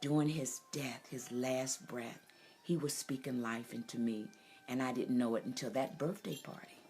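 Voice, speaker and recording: A middle-aged woman giving an emotional personal testimony as host, impassioned and preacherly, rising to near-shouts. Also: very deep voice, normal speed, soft background music.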